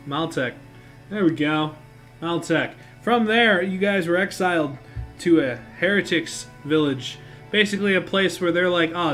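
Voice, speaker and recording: A man with a high, slightly bright voice acts as game master on a stream, recapping and narrating a tabletop game. He's casual and rambling, swears freely, and corrects himself as he goes.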